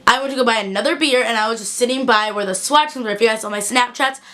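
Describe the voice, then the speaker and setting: A young adult woman vlogger tells a casual story-time tale, chatty and animated, full of "like" fillers. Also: a little high, quick pace.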